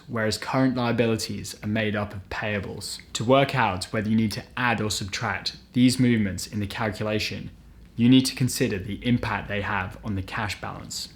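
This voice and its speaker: A man hosting an educational channel, explaining accounting step by step in a clear, methodical scripted delivery. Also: on the low side. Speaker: host of an accounting lesson channel.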